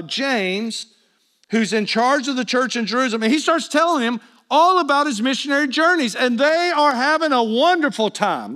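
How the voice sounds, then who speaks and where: A male pastor preaching a sermon, telling the story with lively energy and acting out the people in it. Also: very high voice. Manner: animated storytelling preacher, acts out quoted voices.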